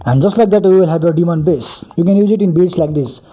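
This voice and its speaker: A man's voice: fairly high pitch, quick pace, dark tone. A man hosting a beatbox tutorial, explaining each step earnestly and repeating "really, really" for emphasis.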